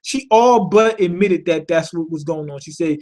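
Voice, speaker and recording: Male reviewer, high-pitched voice, offhand profane recap, slangy and rambling. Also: normal speed. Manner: loose and profane, heavy on slang and fillers; animated, thinks aloud with rhetorical questions. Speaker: cartoon episode reviewer. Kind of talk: casual spoken recap.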